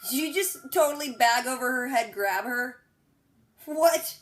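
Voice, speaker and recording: A young woman recapping a TV episode in a slangy, excitable way, sounding a bit sick and acting out characters' lines. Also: fairly high pitch, slight background noise. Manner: acts out characters' lines in quick voices. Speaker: TV reaction vlogger. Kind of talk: casual recap and reaction.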